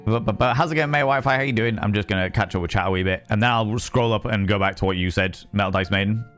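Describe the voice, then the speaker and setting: Faint music plays behind this man, a streamer and part-time voice actor who talks fast in a low, slightly bright voice. He chats casually and rants with heavy profanity, repeating himself for emphasis and restarting sentences midway.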